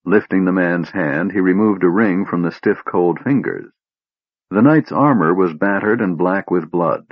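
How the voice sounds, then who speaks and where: A man with a very low, husky voice reads an audiobook in a grave, measured way. The recording is dry and a touch dull. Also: no room sound. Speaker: narrator. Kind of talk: audiobook narration.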